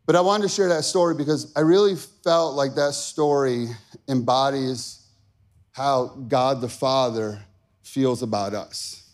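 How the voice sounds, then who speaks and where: A man preaching, telling a personal story with strong emotion that builds from quiet talk to shouted peaks. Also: medium pitch, unhurried. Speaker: pastor.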